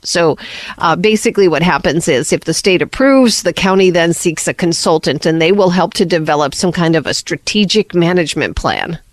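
A morning radio news host talks through local headlines in a loose, chatty way, full of asides, fillers and quick reactions. The studio mic is close and dry, and the pitch sits mid-range. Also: no room sound. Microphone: studio microphone.

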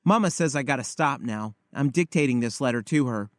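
A man's voice: medium pitch, lively intonation, a little fast, no room sound, clean studio sound, natural voice. A man reading aloud the letter of an eight-year-old blind girl to her grandfather, in an earnest, confiding manner. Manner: earnest, wide-eyed, confiding.

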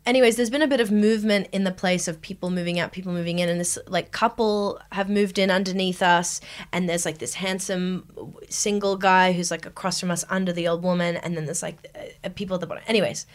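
A woman's voice: lowish voice, fast talker. A young woman co-hosting a casual chat podcast, telling stories with lots of laughter and acted-out quotes. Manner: animated storyteller, laughs often, acts out quotes. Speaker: podcast co-host.

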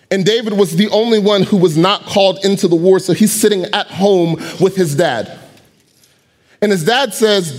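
A man preaching a sermon, telling a story with lively acted-out voices. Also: high voice. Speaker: pastor.

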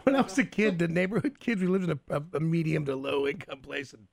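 A man hosting a casual chat, telling childhood stories in an animated, cussing way. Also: a little high, fast talker, gravelly, dry recording. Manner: animated, swearing storyteller.

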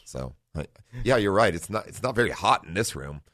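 Deep-voiced middle-aged man hosting radio. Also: a little fast, no room sound. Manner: relaxed, rambling, self-correcting. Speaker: radio show host. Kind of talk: casual radio talk. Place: radio studio. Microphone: studio microphone.

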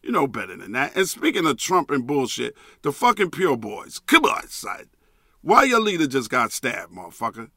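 A man's voice: medium pitch, wildly swooping pitch, moderate pace, pushed and bright, no room sound, studio quality. A man hosting a podcast, ranting emphatically and profanely and repeating a catchphrase. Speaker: podcast host. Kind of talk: solo podcast rant.

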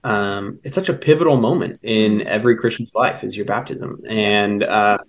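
A young man being interviewed as an actor guest, relaxed and laughing, with halting fillers. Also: on the low side. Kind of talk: casual interview.

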